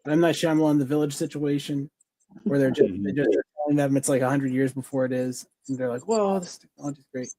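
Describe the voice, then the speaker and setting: A man's voice: mid-range voice, flat delivery, fast talker, dark tone, dry recording. A man co-hosting a podcast, chatting casually and enthusiastically in a rambling way, full of fillers and restarts. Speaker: podcast co-host. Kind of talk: casual review chat.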